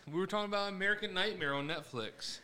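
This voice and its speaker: A man's voice: high-pitched, fast, bright, forceful tone, smooth. A man co-hosting a podcast in casual chat, swearing freely and restarting his sentences as he argues a point. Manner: casual, profane, loose restarts while arguing a point. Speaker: podcast co-host.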